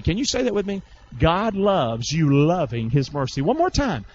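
Emphatic, high-voiced male preacher. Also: sing-song, brisk, muffled recording, a little hiss or hum. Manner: emphatic call-and-response preaching; reads scripture aloud in bursts. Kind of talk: sermon.

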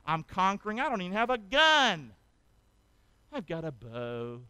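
A man's voice: high-pitched, huge pitch swings, measured pace, bright, forceful tone, clean tone, no echo, full character voice. A man voicing a boastful male conqueror who swaggers and brags about his bow. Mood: bragging.

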